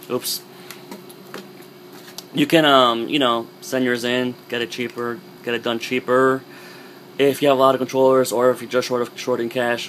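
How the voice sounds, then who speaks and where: A young man at a middle pitch talks through a controller review in a loose, rambling way, full of fillers. His voice is wearing out and going rough. A faint hum sits underneath the recording. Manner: rambling, filler-heavy, relaxed. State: losing his voice. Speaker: gaming vlogger. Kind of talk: casual product review.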